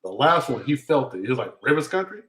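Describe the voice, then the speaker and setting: A man's voice: medium pitch, animated, fast talker, a bit bright, low-quality recording. Laid-back man on a sports podcast. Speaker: podcast co-host. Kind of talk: casual sports podcast chat.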